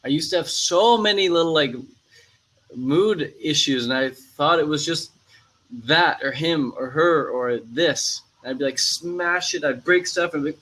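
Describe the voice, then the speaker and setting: A man's voice: fairly high pitch, moderate pace, bright, forceful tone, rough recording. Laid-back young man chatting casually. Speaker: vlogger. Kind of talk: casual chat.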